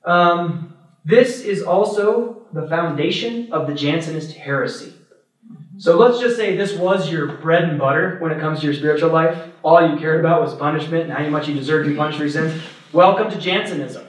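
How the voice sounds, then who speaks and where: A man's voice: fairly high pitch, normal speed. A man, a Catholic priest, giving a conversational talk to adults, often checking in with "right?" and acting out people's thoughts. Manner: acts out other people's thoughts in little voices. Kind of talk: parish adult-formation talk. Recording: very echoey room, mic far off.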